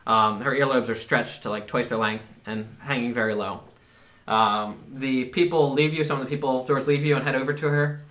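A man's voice: medium pitch, steady tone, moderate pace, a bit bright. A man narrating a tabletop game as game master, hesitant with many fillers.

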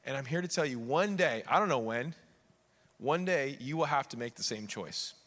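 A male pastor preaching an animated sermon, swinging between quiet asides and raised preaching and acting out the figures in quick voices. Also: medium pitch, big-room sound. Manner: acts out the king and others in quick voices. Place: church sanctuary.

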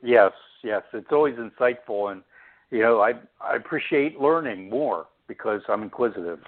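A man's voice: medium pitch, expressive, moderate pace. Man giving brief replies over a tinny line. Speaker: radio co-host. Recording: tinny phone line from afar.

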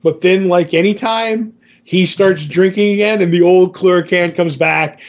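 A man talking through a comic book story in loose, casual podcast chat, stopping and restarting his sentences often. His voice sits a little higher than most men's. The audio is dull and lo-fi, with the top end rolled off. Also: a little slow. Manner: rambling, many fillers and restarts. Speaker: podcast co-host.

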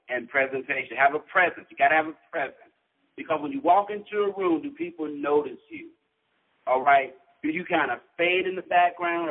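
A man, an author and guest, telling his life story in an earnest, inspirational way with a preacher-like rhythm. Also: on the high side. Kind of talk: storytelling interview, motivational. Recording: tinny phone-line sound.

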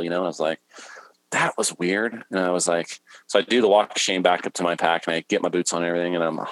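Deep voiced guy telling a hunting story on a podcast, animated, dry close sound. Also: no room sound, rough recording. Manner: animated storyteller, acts out his own thoughts. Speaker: podcast guest, bowhunter. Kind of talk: casual podcast conversation, storytelling.

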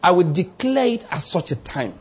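A man's voice: sits high, sing-song, moderate pace, breathy edge. A man preaching a sermon, posing rhetorical questions to his congregation. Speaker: pastor.

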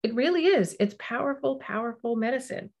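A middle-aged woman hosting a parenting podcast, giving advice in a warm, animated way and acting out little example dialogues. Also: fairly high pitch, brisk, vocal fry.

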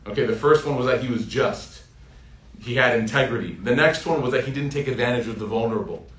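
A man giving a casual religious lesson, telling stories in a lively, anecdotal way and often laughing as he talks. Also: medium pitch, quick pace. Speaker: Islamic teacher. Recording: roomy echo, speaker off-mic.

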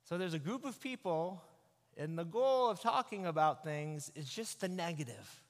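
A man, a pastor, giving an animated, conversational sermon into a microphone. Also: a little high, normal speed. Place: church sanctuary. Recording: echoey church hall.

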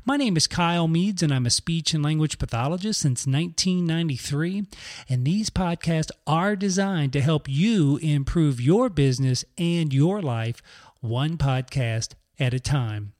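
A man's voice: a little high, expressive, normal speed, a little mellow. A middle-aged man hosting a podcast, telling a personal story in a chatty, conversational way. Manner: chatty, conversational, acts out quoted voices. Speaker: podcast host. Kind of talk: casual storytelling monologue.

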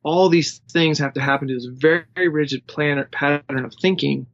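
A man's voice: on the high side, normal speed, gravelly, no echo, dull audio. A man who coaches runners, talking casually and rambling with lots of "you know" fillers. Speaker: running coach. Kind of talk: casual podcast conversation.

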